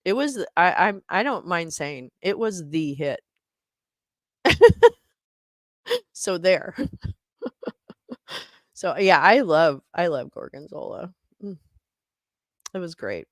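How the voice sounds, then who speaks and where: A woman hosts a casual livestream and talks at an easy, drawn-out pace. Her pitch swings widely from phrase to phrase, and the sound is dry with little room echo. She comes across as scattered, swearing offhandedly and laughing at herself as she hunts for things. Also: expressive, fairly bright tone. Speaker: livestream host.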